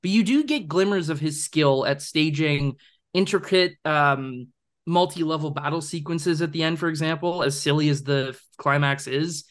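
Podcast co-host, young man, fairly high voice, eager and rambling. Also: moderate pace. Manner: enthusiastic, rambling with fillers and laughs. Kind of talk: casual film discussion.

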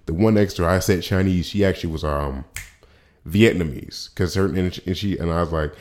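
Deep-voiced man rambling on his podcast. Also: brisk, a little mellow. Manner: rambling, with frequent restarts and slang asides. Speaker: podcast host. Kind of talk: casual solo podcast monologue.

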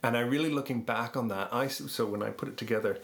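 A man's voice: mid-range voice, fast talker. A man, a podcast producer, telling stories in a conversational interview with frequent laughs. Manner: animated anecdotes with frequent laughs.

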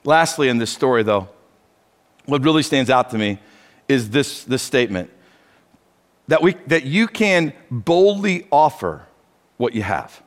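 A pastor preaches with animated delivery, acting out the dialogue he quotes. He's a man with a fairly high voice. The sound rings with a long hall reverb. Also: moderate pace. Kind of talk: sermon.

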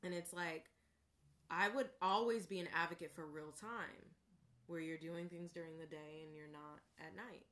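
A woman's voice: on the low side, fairly even intonation, normal speed, fairly bright tone. A woman co-hosting a casual chat, rambling a bit and often saying "like". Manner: rambling, uses "like" a lot.

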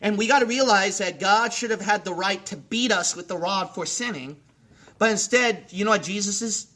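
A man delivers a fervent sermon in a notably high voice. His tone is bright and ringing. He builds through repeated phrases and rhetorical questions, dropping low and then bursting out loud. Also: moderate pace. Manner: impassioned, swings between hushed lines and sudden shouts. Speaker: preacher.

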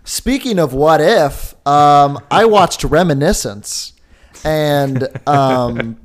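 Young dude cohosting a film podcast, rambly, jokey, says um and like a lot. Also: male voice, fairly high pitch, slow. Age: young adult. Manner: rambling, jokey, lots of filler words. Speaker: podcast co-host. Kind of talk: casual chat.

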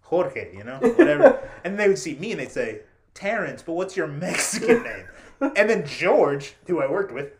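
This podcast host has a high male voice and talks at a normal speed over crowd noise. In casual chat he tells stories with real animation, acts out quotes, and laughs often.

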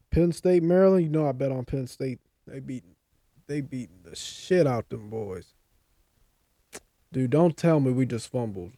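A man's voice: medium pitch, dark tone, no echo. A young man co-hosting a casual sports podcast, ranting and swearing heatedly about his team's play. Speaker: podcast co-host.

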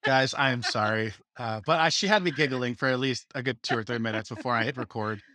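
A man's voice: medium pitch, fast talker, sharp tone, no room sound, clean studio sound. A man hosting a podcast, joking around and rambling with restarts. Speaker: podcast host. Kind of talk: casual chat.

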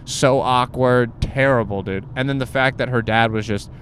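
A man's voice: mid-range voice, moderate pace, fairly bright tone, slight background noise. A young man casually telling a crude personal story, rambling with lots of "like" and "bro". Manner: rambling, filler-heavy, says "like" and "bro" constantly.

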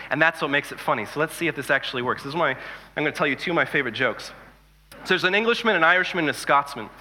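Male pastor, 30s, chatty sermon delivery with jokes, slightly high voice, long reverb. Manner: conversational, animated storytelling with jokes.

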